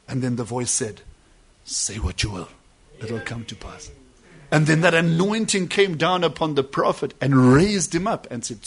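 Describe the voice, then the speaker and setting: A man preaching a sermon, dropping to soft asides and then rising to loud, drawn-out emphasis. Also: a little high.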